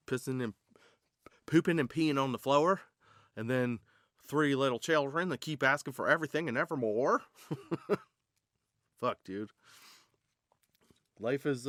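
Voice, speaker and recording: A man's voice: medium pitch, no room sound, studio quality. Rambling, profane man hosting a podcast. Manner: casual, profane, rambling stoner banter. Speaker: podcast host. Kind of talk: comedic stand-up style monologue.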